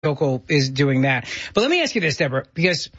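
A man hosting a talk radio interview, animated and opinionated. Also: fairly high pitch, fast, muffled recording, soft background music.

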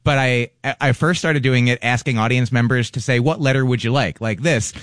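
A man's voice: medium pitch, normal speed, fairly bright tone, no room sound, clean studio sound. A man, a comedian guest, chatting casually, rambling and joking with lots of self-interruptions.

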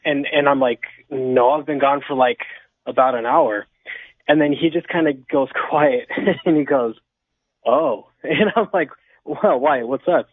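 A man's voice: medium pitch, husky, no room sound. Male caller on a tinny phone line. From Inland Empire, California. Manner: rambling, many fillers and restarts. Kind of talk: storytelling over the phone.

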